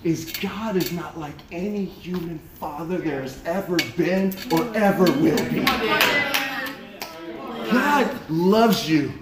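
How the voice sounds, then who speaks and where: A young man preaching a sermon to a congregation, telling a story in an animated way with repeated words and frequent laughs. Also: a little high, slow, heavy background noise. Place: church hall. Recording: echoey room with a congregation. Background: congregation responding.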